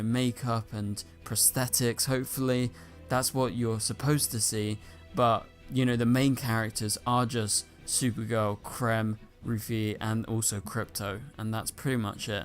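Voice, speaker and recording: A man hosting a casual commentary show, talking through casting news in a chatty way, filling his talk with "like" and "you know". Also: mid-range voice. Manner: chatty, filler-heavy with frequent "like" and "you know". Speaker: YouTube host. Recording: faint music behind.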